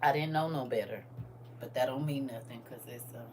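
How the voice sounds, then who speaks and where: A woman giving casual spiritual advice in a folksy way, calling listeners baby and honey, shifting from hushed asides to loud emphatic bursts. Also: a bass voice, brisk, slight background noise. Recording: voice a bit distant from the mic.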